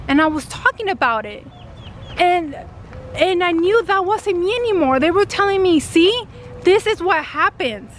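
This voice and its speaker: A woman vlogger telling a personal story casually to camera, animated and full of fillers, acting out what people said. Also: high voice, a little hiss or hum. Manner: animated retelling, acting out quoted dialogue, many fillers. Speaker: spiritual vlogger.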